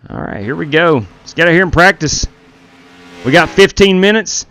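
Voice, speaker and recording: A man's voice: a little high, expressive, moderate pace, a bit bright, no echo. A man hosting a sim racing live stream through a gaming headset, chatting casually with viewers while running the race lobby.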